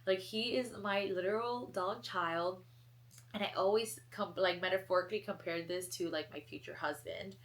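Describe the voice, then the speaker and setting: A woman's voice: medium pitch, normal speed. Young woman just chatting on her podcast, super casual, lots of likes and you knows. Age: young adult. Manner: chatty, filler-heavy, animated storytelling. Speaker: podcast host. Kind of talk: casual solo chat.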